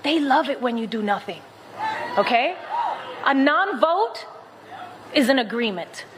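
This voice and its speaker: Woman, rally speaker, impassioned, emphatic, high voice, crowd clearly audible, noisy clip. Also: big pitch swings, measured pace. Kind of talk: emotional rally speech.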